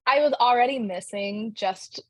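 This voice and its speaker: A woman's voice: a little high, normal speed, a little mellow. A young woman, an actress, answering interview questions in a bubbly, chatty way, full of "like" fillers.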